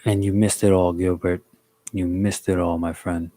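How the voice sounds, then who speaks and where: A young man from the DC, Maryland and Virginia area chats on a live stream, telling a long story in a relaxed, slangy way. His voice sits low and stays fairly flat. He breaks off now and then to greet viewers by name. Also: normal speed, no room sound. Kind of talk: casual storytelling on a livestream.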